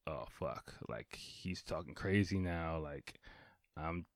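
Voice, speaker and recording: A man voicing an anxious male manager who talks low and hushed. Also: level tone, a little slow, no room sound, studio quality. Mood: worried.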